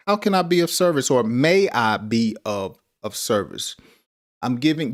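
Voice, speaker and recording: A man teaching an English lesson on a live stream, patiently repeating example phrases and chuckling at his own examples. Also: mid-range voice.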